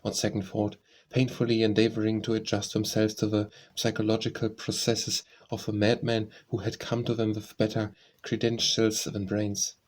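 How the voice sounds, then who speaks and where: A man reading a first-person story aloud as an audiobook narrator, in a measured, literary way. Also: lowish voice, monotone.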